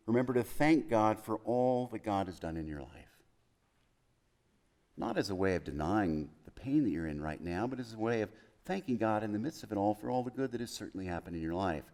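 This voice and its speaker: With a lowish voice, a pastor preaches in a chapel, stacking up emphatic lists and then softening to whisper-like quotes.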